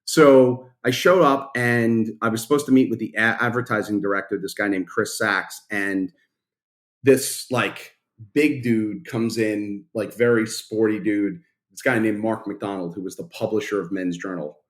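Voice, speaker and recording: Animated man in his 50s telling a story. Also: on the low side, unhurried. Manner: animated, casual and blunt, swears freely. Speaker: company founder, guest. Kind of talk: storytelling in a podcast interview.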